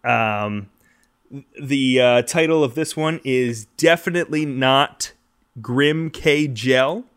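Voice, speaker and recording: A man's voice: mid-range voice, a bit bright, clear, resonant tone. A man co-hosting a podcast, reading out listener reviews with lots of fillers and restarts in a casual chat. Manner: halting, many fillers and restarts.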